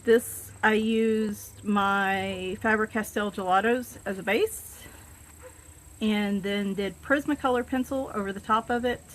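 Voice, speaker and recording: Slow-talking Southern woman rambling casually. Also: mid-range voice, fairly even intonation, a little hiss or hum. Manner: rambling, self-deprecating, many fillers. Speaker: coloring book channel host. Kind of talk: casual chat showing books.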